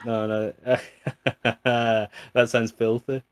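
A man co-hosting a podcast in casual chat, relaxed and swearing freely. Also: medium pitch, very slow, clean tone, no echo. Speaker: podcast co-host.

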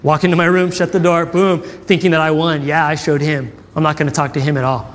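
A man's voice: on the high side, level tone, fairly quick, big-room sound. A man preaching a sermon, telling personal stories in a conversational way and acting out the dialogue. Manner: conversational, acts out quoted dialogue. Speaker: pastor.

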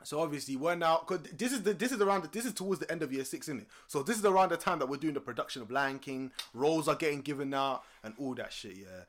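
A young London man tells a story in casual podcast chat. His bright, forceful voice leaps up high when he gets worked up. He is animated and breaks into laughter often. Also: quick pace, hardly any pauses. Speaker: podcast co-host.

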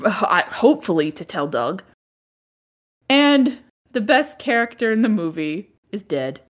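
A woman's voice: mid-range voice, very animated, measured pace. A woman co-hosting a podcast, recapping a movie in casual chat, laughing often and groaning "ugh". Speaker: podcast co-host.

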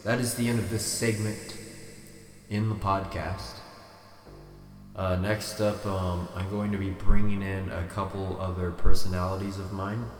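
A deadpan man hosts a podcast, rambling through absurd, self-mocking jokes in a very low voice. The room is echoey, with a long reverb tail, and faint music runs underneath. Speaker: podcast host. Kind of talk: rambling comedic monologue.

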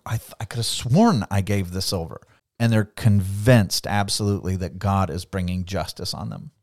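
A middle-aged man co-hosts a casual Bible study podcast, animated and laughing often as he acts out the voices of the people in the story. His voice is on the low side.

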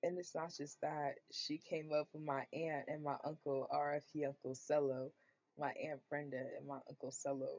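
A woman of twenty, hosting her own podcast, telling stories in a casual, animated way, swearing freely and saying "like" a lot. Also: low-pitched, normal speed, no echo, muffled recording. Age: 20s. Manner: animated, swearing, storytelling with filler "like". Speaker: podcast host. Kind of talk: casual solo podcast monologue.

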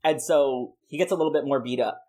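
In a casual podcast chat, a host playfully rambles through a made-up comic plot, laughing often and using lots of "like" fillers. The voice is mid-range, brisk and warm.

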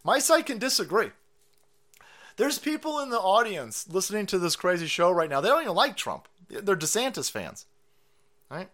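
A man's voice: high-pitched, big pitch swings, moderate pace, a bit bright. A man hosting his own stream, giving a foul-mouthed, mocking political rant and laughing often. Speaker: streamer host.

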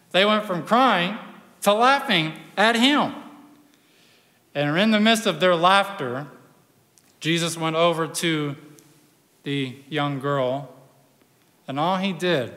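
A male pastor preaching a sermon, retelling a gospel story with dramatic pauses and hushed drops. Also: high-pitched. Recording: long hall reverb.

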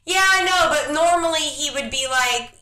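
A woman's voice: high voice, moderate pace, bright, forceful tone, roomy sound. A young woman co-hosting a casual podcast, venting about her kids with plenty of laughs and swearing. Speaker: podcast co-host. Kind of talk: casual chat.

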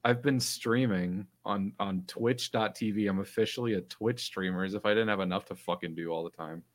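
A man's voice: fairly low pitch, fairly quick. A man telling a story in casual chat, laughing often and swearing casually. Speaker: podcast guest.

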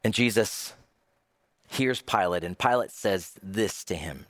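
A man's voice: lowish voice, a little slow, fairly bright tone, no echo, studio quality. A male pastor preaching a sermon, dramatic, acting out the voices he quotes.

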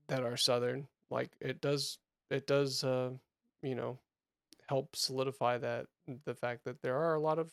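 Gravelly, rambling podcast co-host man. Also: medium pitch, no echo, clean studio sound. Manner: rambling, halting, many fillers. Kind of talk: casual chat.

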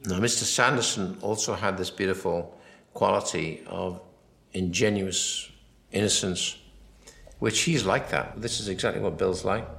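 A man's voice: low voice, unhurried, creaky, a bit bright, reverberant. A man giving a film commentary, rambling and anecdotal, acting out quoted dialogue as he goes. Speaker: film director.

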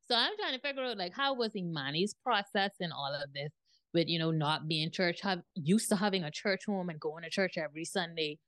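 A woman's voice: fairly low pitch, brisk, no room sound. Emphatic woman hosting a faith podcast. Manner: lively, emphatic, preacherly phrasing. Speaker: podcast host. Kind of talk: casual faith podcast conversation.

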